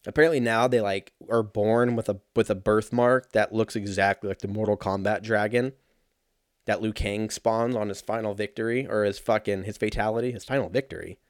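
A man's voice: lowish voice, fairly even intonation, brisk, no echo, clean studio sound. A man in his thirties in casual solo commentary, rambling and sarcastic, swearing often and laughing at his own jokes. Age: 30s.

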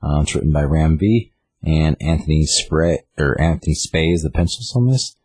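A man's voice: extremely low pitch, normal speed, darkish tone, slightly rough, dry recording. A man casually retelling a comic book story on a podcast, rambling with lots of fillers. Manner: rambling, lots of fillers, reads out character lines.

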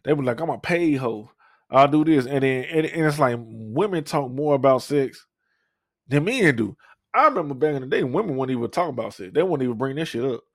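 A man's voice: medium pitch, animated, fairly quick, fairly bright tone, no echo, clean studio sound. A young man, telling a profane, rambling story on a podcast with lots of fillers and restarts. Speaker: podcast co-host. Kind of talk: casual storytelling.

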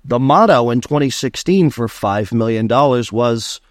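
A man talks through his solo podcast in a casual, animated way. He slides easily into sarcastic ranting, at an ordinary mid pitch. The recording is dry and close, with no room sound. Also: moderate pace, no room sound. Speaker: podcast host.

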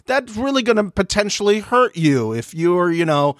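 A man's voice: high voice, very animated, moderate pace, dry recording, clean studio sound. A man co-hosting a podcast in casual chat, joking with playful sarcasm. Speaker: podcast co-host.

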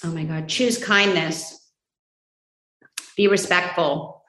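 A woman's voice: lowish voice, steady tone, echoey room, low-quality recording. A woman in her forties answering interview questions in a heartfelt, casual way. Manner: warm, heartfelt, quickly emotional. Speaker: guest.

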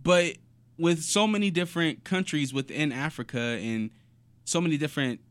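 A man's voice: on the high side, moderate pace. A man co-hosting a podcast in casual, playful chat, jumping into silly put-on accents now and then. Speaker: podcast co-host.

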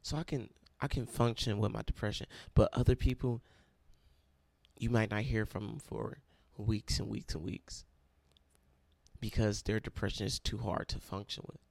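A young man with a low, gravelly voice tells a personal testimony in an earnest, storytelling way. He leans on repeated phrases for emphasis. The recording is dry and close, with no room sound. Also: steady tone, moderate pace, a little mellow, no echo. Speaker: speaker sharing his testimony.

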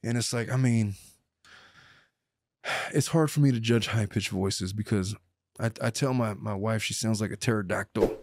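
A man's voice: fairly low pitch, moderate pace, pauses often, a little mellow, no room sound, clean studio sound. A middle-aged man co-hosting a podcast, chatting casually and joking, with many restarts. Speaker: podcast co-host. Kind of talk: casual chat.

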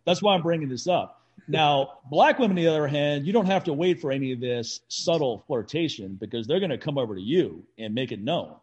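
Husky-voiced man telling animated stories. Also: fairly high pitch, fairly quick, lo-fi sound. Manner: animated storyteller, laughs often, swears freely. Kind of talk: casual chat.

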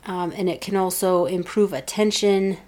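Woman, 30s, lower pitch, casual chat, chatty storyteller, podcast co-host. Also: moderate pace, darkish tone. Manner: chatty storytelling, acts out quoted family voices.

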